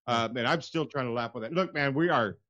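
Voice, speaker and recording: A man's voice: mid-range voice, a little fast, sharp tone, highs cut off. A man hosting a talk radio show in loose, profane banter, laughing and swearing freely.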